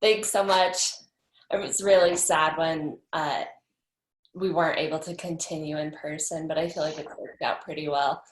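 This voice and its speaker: A woman yoga graduate giving quick, offhand farewell remarks over a video call. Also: deep voice, fairly even intonation. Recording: roomy echo on a video call.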